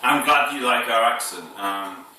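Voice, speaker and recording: A man's voice: medium pitch, unhurried, bright, forceful tone, heavy reverb, far from the mic, slight background noise, poor audio. A man from the north of England with a northern English accent, talking casually to camera in a rambling, hesitant way, full of fillers and restarts, with chuckles between phrases.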